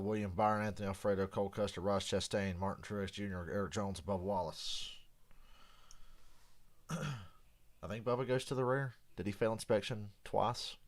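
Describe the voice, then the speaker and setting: A man hosting a casual live reaction stream, rambling in a relaxed way, swearing freely and clearing his throat now and then. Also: on the low side.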